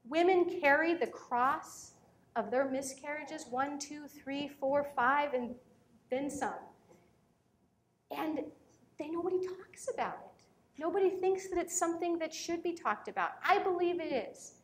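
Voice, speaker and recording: A woman's voice: high voice, measured pace. A woman in her thirties giving an earnest talk on parenting, telling personal stories and turning emotional. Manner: earnest, storytelling, turns emotional. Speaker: speaker on parenting.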